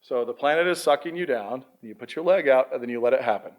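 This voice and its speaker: Middle-aged male pastor, casual and lively sermon delivery, quizzes his student audience. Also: medium pitch, fast talker.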